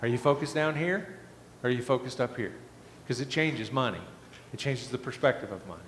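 Pastor preaching in an echoey hall. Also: male voice, mid-range voice, a little fast, a bit bright, slight background noise. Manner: earnest, rhetorical questions to the congregation. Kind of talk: sermon. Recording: echoey hall with faint ambience.

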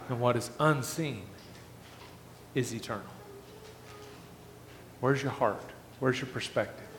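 A man's voice: mid-range voice, a little hiss or hum. A man preaching a sermon, asking the congregation earnest rhetorical questions. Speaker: pastor. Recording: echoey hall with faint ambience.

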